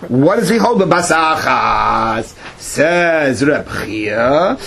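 Animated Yeshivish man teaching Talmud. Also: fairly high pitch, slight background noise. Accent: Yeshivish English. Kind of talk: Talmud class lecture.

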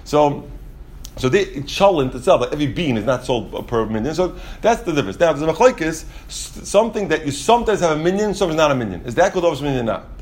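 A man explaining Talmud in a casual class, rapid and full of restarts and asides. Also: on the high side, big pitch swings, a little mellow. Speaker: Talmud teacher.

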